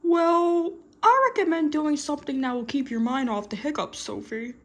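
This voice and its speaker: A woman's voice: sits high, normal speed, a bit bright. A woman voicing Barley, a patient plush toy in a toy skit who sighs and sounds worn out by the others. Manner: weary and patient, sighs a lot.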